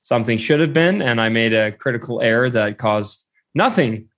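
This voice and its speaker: A man's voice: mid-range voice, expressive, normal speed, fairly bright tone, slight background noise. A man casually telling a story in a podcast chat, rambling and leaning heavily on "like". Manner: rambling, heavy use of "like".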